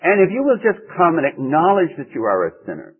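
A man's voice: huge pitch swings, fairly quick, slightly rough. A man preaching a sermon in an earnest, emphatic way, his voice leaping up for emphasis. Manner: earnest, emphatic preaching with sudden rises in pitch. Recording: tinny narrow-band old radio recording.

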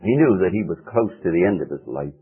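A male preacher delivers an earnest, emphatic sermon, his low voice swinging widely in pitch. His tone is a little husky. It comes through a tinny, narrow-band old radio recording. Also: animated, fairly quick.

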